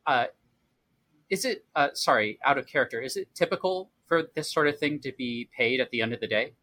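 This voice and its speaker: A man's voice: mid-range voice, fairly quick, sharp tone. A man playing a tabletop game, casual and hesitant, often searching for his words. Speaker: player.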